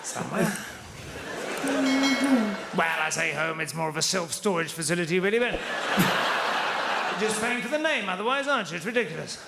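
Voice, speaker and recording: A man doing stand-up with an educated southern English accent and a dry, deadpan, self-deprecating delivery. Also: high-pitched, normal speed, gravelly, pauses often, over loud music. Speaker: stand-up comedian. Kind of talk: stand-up routine. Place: large theatre with live audience. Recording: echoey theatre with loud crowd laughter.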